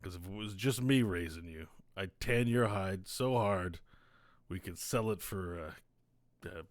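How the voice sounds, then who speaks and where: A man's voice: sits low, unhurried, no echo. A man voicing a stern, blunt one-legged older father who runs the family business. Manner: blunt, scolding, threatening.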